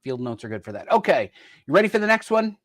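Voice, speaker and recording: A man's voice: a little high, big pitch swings, fast, dry recording. A male host in a casual chat, upbeat and playful, with frequent fillers and hesitations. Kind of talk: casual chat about gifts.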